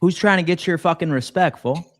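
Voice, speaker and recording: A man's voice: a little high, brisk. Brash, profane man on a stream. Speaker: co-founder and co-host. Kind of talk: casual chat on a live stream.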